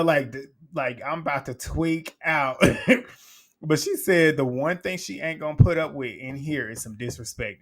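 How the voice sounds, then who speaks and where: A man's voice: medium pitch, fairly bright tone. A man with a mid-range voice running through a reality show recap in a loose, conversational way. He is blunt and unfiltered, swears freely, and breaks into laughter as he acts out the quotes. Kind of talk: casual episode recap commentary.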